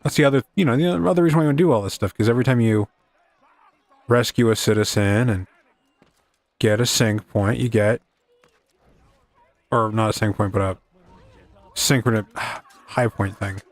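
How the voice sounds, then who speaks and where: A man's voice: on the low side, normal speed, pauses often, dry recording. Rambling man playing a video game. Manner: rambling, self-deprecating quips. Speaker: gaming video host. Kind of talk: casual gameplay commentary.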